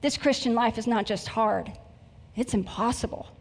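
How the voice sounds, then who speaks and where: A frustrated young man, new to the faith, pleading in exasperation, as a woman preacher acts him out. The voice sits fairly high and carries a long hall reverb. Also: normal speed. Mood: exasperated.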